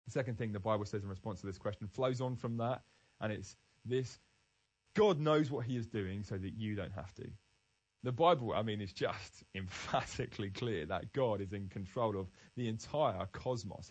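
A man's voice: fairly low pitch, moderate pace, poor audio. A man giving an earnest, emphatic devotional Bible talk, restarting phrases as he goes. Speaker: Christian speaker.

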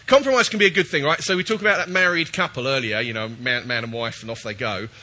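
A man's voice: medium pitch, fast, bright, forceful tone. A man preaching a chatty, jokey sermon while he has a cold, often checking in with his listeners.

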